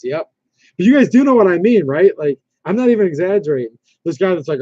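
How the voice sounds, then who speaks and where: A man with a slightly high but mellow voice hosts a casual livestream. He rambles, reads viewer comments aloud and keeps restarting his sentences. The sound is dry and dull, like lo-fi stream audio. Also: very animated, a little fast, no room sound. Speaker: livestream host.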